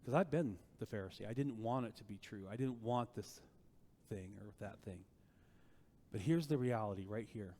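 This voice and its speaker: A male pastor preaching a sermon in a conversational, animated way, often asking rhetorical questions of the congregation. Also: on the low side, moderate pace, in a large hall.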